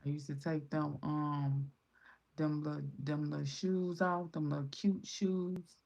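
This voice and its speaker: A woman's voice: sits low, level tone, unhurried, gravelly, darkish tone, lo-fi sound. A mother in her thirties with a Chicago accent, talking in a casual, blunt, profane vlog and quoting other people in raised voices. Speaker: vlogger.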